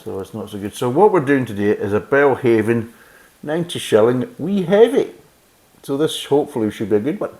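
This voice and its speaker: A man's voice: mid-range voice, animated, fairly quick, a little mellow. A Scottish man reviewing a beer in casual chat, sarcastic and blunt, reading the label aloud and mocking it. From Scotland.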